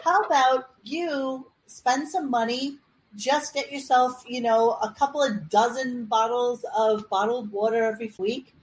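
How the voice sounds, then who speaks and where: A woman's voice: a little high, unhurried, low-quality recording. A woman co-hosting a casual comedy podcast, talking in an exasperated way and laughing easily. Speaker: podcast co-host.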